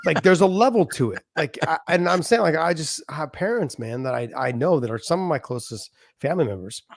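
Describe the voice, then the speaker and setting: A middle-aged former fighter with a fairly high, gravelly voice and lively intonation speaks briskly as a podcast guest. In this casual interview he earnestly explains his views, drawing on everyday examples.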